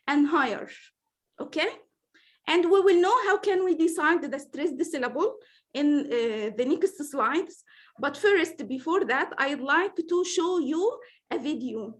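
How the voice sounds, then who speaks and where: A woman running an online training session for teachers, patient and repeating her words, with many fillers. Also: sits high.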